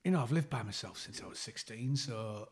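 A man's voice: medium pitch, brisk, darkish tone, husky. A man in casual chat, joking and putting himself down, often laughing. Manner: jokey, self-deprecating, laughs often.

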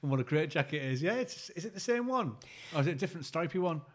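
A man co-hosting a podcast in casual chat, halting and stammering, laughing often. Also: on the high side, expressive. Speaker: podcast co-host.

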